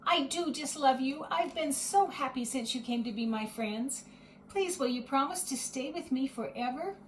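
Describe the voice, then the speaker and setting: Woman putting on a shy little doll girl, soft worried voice, kinda high. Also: normal speed, slight background noise, lightly acted. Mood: loving. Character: timid little girl doll, easily frightened.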